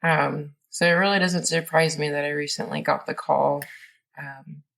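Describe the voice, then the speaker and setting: A woman's voice: low-pitched, steady tone, normal speed, vocal fry, fairly bright tone. A woman guest on a podcast, telling her story in a rambling, casual way with many fillers and restarts.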